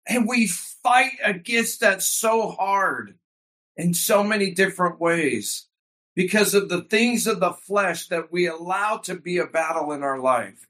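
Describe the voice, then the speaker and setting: A man's voice: high voice, a little slow, fairly bright tone. A man preaching a sermon with fervor and emphatic repetition, calling his congregation by a Hebrew word. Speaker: pastor.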